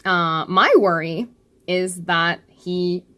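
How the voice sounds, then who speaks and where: A YouTuber discusses a webcomic in casual chat, her voice on the low side, bright and forceful, spoken extremely slowly. She drifts off topic, laughs often, and says "like" a lot.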